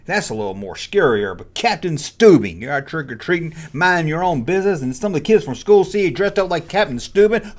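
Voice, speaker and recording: Animated, ranting man. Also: a little high, normal speed, few pauses. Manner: animated, jokey rants with mock-taunting asides. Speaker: host. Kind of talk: ranting toy and costume commentary.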